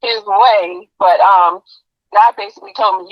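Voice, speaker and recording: A woman, a guest on a podcast, sharing a personal testimony in a soft-spoken, earnest, halting way. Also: medium pitch, no room sound, lo-fi sound.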